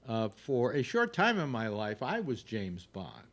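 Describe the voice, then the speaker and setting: An older man hosting a casual panel chat, telling stories in a rambling way with halting restarts and laughs. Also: medium pitch, wildly swooping pitch, a bit bright. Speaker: radio talk show host.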